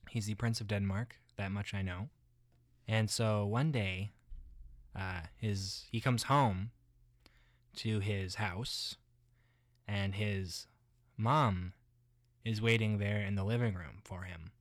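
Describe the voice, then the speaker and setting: A man playing a muddled everyday guy who rambles haltingly, full of restarts and filler words. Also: on the low side, steady tone, dry recording, clean studio sound.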